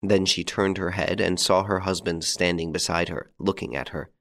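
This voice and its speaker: Deep-voiced male audiobook narrator. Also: flat delivery, moderate pace, gravelly, a bit bright.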